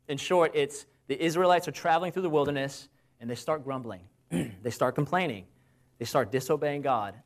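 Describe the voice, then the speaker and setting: A man preaching a conversational sermon. He asks his listeners rhetorical questions and slows down when he cites Bible verses. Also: on the high side.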